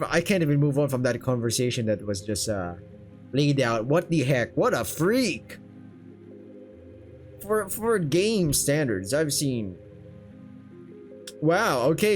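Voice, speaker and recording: A man's voice: on the high side, very animated, unhurried, pauses often, faint music behind. A man reading a visual novel aloud and joking about it in casual asides. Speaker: gaming streamer.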